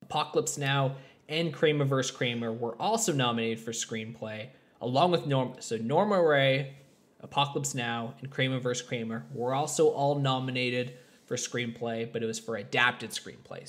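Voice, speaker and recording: A man's voice: medium pitch, normal speed, a bit bright. A man co-hosting a podcast, chatting casually about films in a rambling, joking way. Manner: rambling, lots of fillers and restarts, joking. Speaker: podcast co-host. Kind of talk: casual film review chat.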